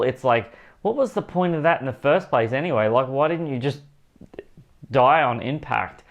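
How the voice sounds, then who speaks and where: A man's voice: medium pitch, muffled recording. A man giving a casual spoken movie review for his channel, rambling and emphatic, repeating himself and talking straight to his viewers.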